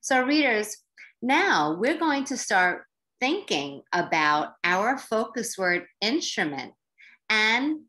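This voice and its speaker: A woman teacher with an American accent leads a classroom lesson for young learners. She speaks slowly, in a very lively and varied voice. Her manner is encouraging, and she stretches words out syllable by syllable. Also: fairly high pitch. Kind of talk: slow, clear classroom instruction for young learners.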